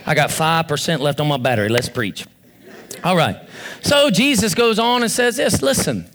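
A man pastor preaching a lively sermon, acting out voices and rising to shouts. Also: on the high side, moderate pace. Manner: animated preacher, acts out voices, rises to shouts.

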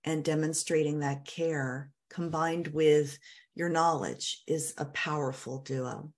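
A woman interviewer asking questions in a measured, affirming way. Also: low-pitched, steady tone.

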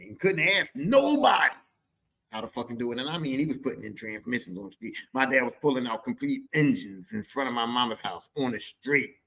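A man holds forth in a comic storytelling monologue with a bright, forceful voice. He swears freely and hammers lines home by repeating them, with a middling pitch and lively delivery. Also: vocal fry, slightly rough. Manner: profane, animated, repeats lines for emphasis. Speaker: podcast host.

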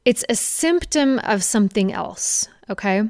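A young woman fitness coach talking straight to her viewers in an energetic, conversational way, with playful mocking asides. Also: medium pitch, measured pace, vocal fry, dry recording, studio quality. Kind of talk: direct-to-camera coaching talk.

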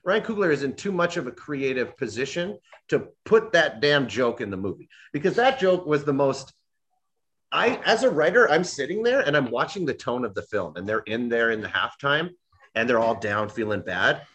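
A man's voice: mid-range voice, big pitch swings, moderate pace, fairly bright tone, lo-fi sound. A young man ranting animatedly in a casual chat, often mimicking voices when he quotes people.

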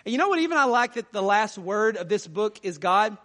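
A man preaching a sermon as pastor, animated, reading scripture aloud and rising loud to stress his points. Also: high-pitched, fairly quick, long reverb tail. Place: church sanctuary.

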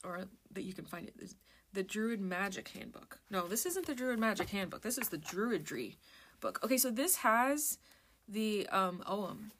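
A chatty woman talking to her viewers in an easy, rambling way, breaking off mid-thought and starting over. She drifts into a soft murmur while she reads lists aloud from a book. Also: medium pitch, lively intonation, normal speed. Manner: rambling, self-interrupting, chatty. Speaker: vlogger. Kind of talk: casual chat while browsing a book.

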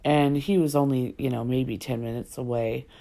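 A woman's voice: extremely low pitch, steady tone, moderate pace, mellow. A woman casually telling a personal story in a chatty, rambling way, full of fillers.

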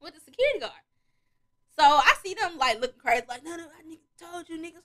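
With a very high voice and quick pace, a young podcast host relates a wild tale in casual, profane conversation. She's animated, laughs a lot, and performs the other people's lines, voices, and beats.

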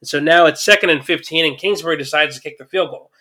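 A sports commentator with a slightly high voice talks fast in a casual, chatty recap of a football game. He gets excited at big plays and uses lots of fillers.

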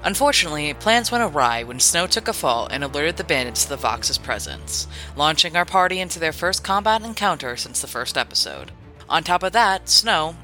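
A man reading a dramatic story recap with a lively, swinging delivery. His voice is bright and forward, with soft music underneath. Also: fairly high pitch. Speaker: player. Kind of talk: recap narration and tabletop play.

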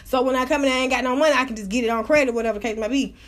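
A woman hosting her own radio show, telling wild stories in a loud, profane, animated way. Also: high-pitched, rapid-fire. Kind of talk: casual storytelling monologue.

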